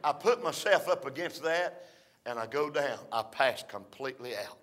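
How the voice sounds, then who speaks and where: An older man preaching a folksy storytelling sermon, rising to shouts between drawn-out "uh" phrases. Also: mid-range voice, lively intonation.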